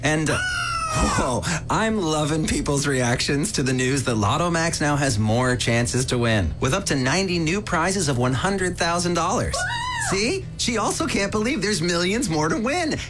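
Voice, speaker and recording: An actor voicing an upbeat alien from space in a lottery radio ad, talking excitedly. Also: mid-range voice, moderate pace, music in the background, natural voice. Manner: excitable, exclaiming.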